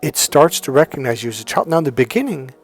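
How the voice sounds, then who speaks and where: A middle-aged man talks at an ordinary mid pitch, blunt and emphatic, spiking his dating advice with curses and quick anecdotes. Soft music sits faintly behind him. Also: big pitch swings, husky. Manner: profane, emphatic, storytelling. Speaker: dating coach.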